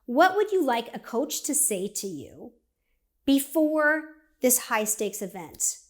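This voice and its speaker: A woman giving a conversational motivational talk, energetic and direct, acting out inner voices as she speaks. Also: on the high side, takes it slowly. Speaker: speaker and coach.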